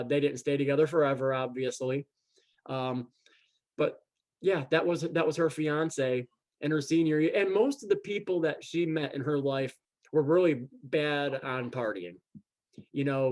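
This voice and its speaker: A man telling a personal story in casual chat, acting out the quoted dialogue and often repeating words as he goes. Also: medium pitch. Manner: animated, acts out quoted dialogue. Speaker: guest.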